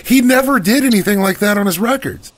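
A man's voice: sits high, fast talker, a little hiss or hum. Chatty man hosting an interview. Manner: chatty, stumbles over words, friendly questions. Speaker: interviewer host. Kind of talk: casual interview chat.

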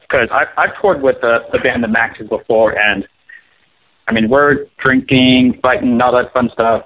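Touring bassist guest, young man, joking and swearing, phone-line sound. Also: dry recording. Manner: rambling storyteller, profane and joking. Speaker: touring bass player, guest. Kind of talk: casual interview.

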